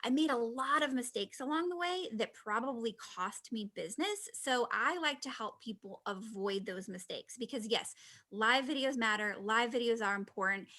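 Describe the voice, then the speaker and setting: Woman, 30s, business coach; bright, slightly high voice, lively and chatty delivery. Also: normal speed. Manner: chatty, animated, laughs often. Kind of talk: presentation talk.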